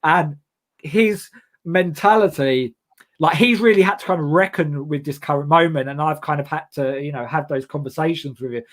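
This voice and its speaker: This young man from England hosts a loose comedy chat show, talking in a rambling, self-mocking way full of halting restarts. His voice sits somewhat high for a man. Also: a bit bright. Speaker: host.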